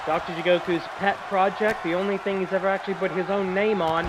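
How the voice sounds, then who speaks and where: Excitable high-voiced male wrestling commentator. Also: fast, few pauses. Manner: excitable, jokey asides. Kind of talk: play-by-play commentary. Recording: loud crowd and noise behind.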